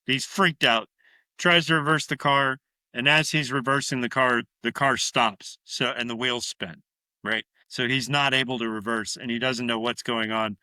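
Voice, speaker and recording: A man's voice: medium pitch, clear, resonant tone, dry recording. A man co-hosting a podcast, retelling a horror film scene by scene in casual, profane chat. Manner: profane, animated retelling with acted-out quotes. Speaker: podcast co-host.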